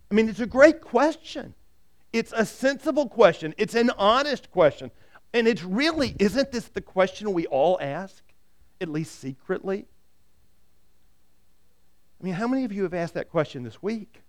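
A man preaching a sermon with a fairly high voice. He is animated, often acts out quoted voices, and keeps asking the congregation rhetorical questions. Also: moderate pace, pauses often. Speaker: pastor.

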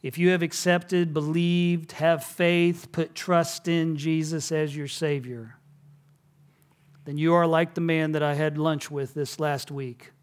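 A male pastor delivers a sermon at an unhurried, deliberate pace. His voice sits a little higher than most men's, and he speaks earnestly, sinking to a near hush at the most solemn moments. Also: level tone, clear, resonant tone.

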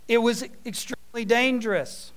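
A man preaching a sermon, telling a parable with folksy, animated asides. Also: very high-pitched, smooth.

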